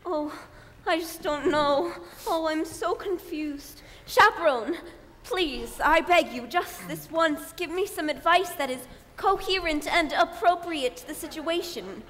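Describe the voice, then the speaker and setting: A woman's voice: high-pitched, a little slow, a bit bright. An actress playing a flustered young showgirl bride in a stage musical, with a breathless, theatrical delivery. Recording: reverberant stage sound.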